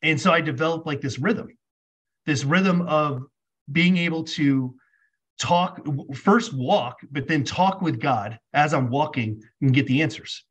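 A man's voice: a little high, unhurried, husky. A man, a podcast guest, telling a personal story casually, acting out both sides of conversations with lots of "like". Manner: animated storyteller acting out dialogue, many "like"s.

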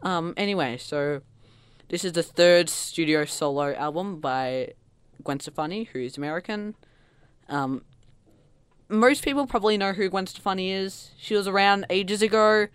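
A podcast co-host in casual chat, talking fast and bursting into loud mock quotes. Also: medium pitch, clean tone, no room sound. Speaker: podcast co-host reviewing an album.

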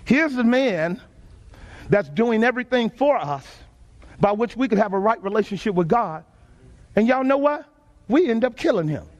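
A man's voice: high-pitched, sing-song, normal speed, pauses often. A man from Texas with a Texan accent, preaching a sermon to a congregation in a folksy, emphatic call-and-response style. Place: church sanctuary before a congregation.

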